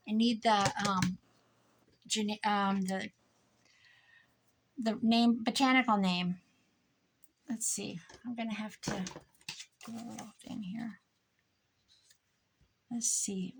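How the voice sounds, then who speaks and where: A woman's voice: mid-range voice, a little slow, creaky, long pauses, slight background noise. A tired woman chatting casually to herself and her viewers while crafting at home, muttering and joking at her own expense. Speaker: crafting vlogger.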